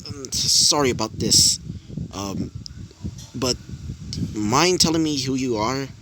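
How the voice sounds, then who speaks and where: A man reading the part of an earnest teenage boy training as a hero, polite and a little hesitant, in a plain, mid-pitched voice. The reading sits over a steady hiss of noise. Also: takes it slowly.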